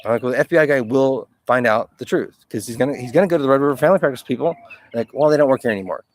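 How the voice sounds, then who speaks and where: A man's voice: medium pitch, racing, slight background noise. Agitated man rambling in a video diary. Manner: agitated, swearing, quotes his own thoughts aloud. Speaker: video journal keeper.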